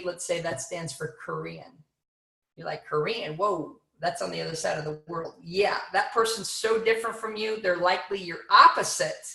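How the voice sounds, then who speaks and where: A woman giving an energetic, playful seminar talk to an audience, full of rhetorical questions. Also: fairly low pitch, roomy sound. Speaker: motivational speaker.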